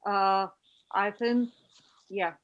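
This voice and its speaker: A woman's voice: medium pitch, steady tone, drawn-out words, muffled recording. A woman learning English, reading practice words aloud hesitantly and carefully over a video call. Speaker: adult ESL student.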